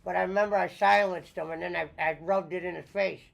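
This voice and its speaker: A man's voice: high-pitched, steady tone, fast talker, vocal fry, dull audio. A man chatting casually while gaming with friends, telling stories and quoting others. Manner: storytelling, swearing, quoting others. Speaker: streamer.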